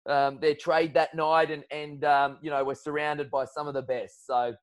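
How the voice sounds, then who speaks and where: An Australian man, a guest on a chat podcast, telling a story in a relaxed way, full of ums and restarts. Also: a little high, moderate pace. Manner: relaxed yarn-spinning with frequent fillers.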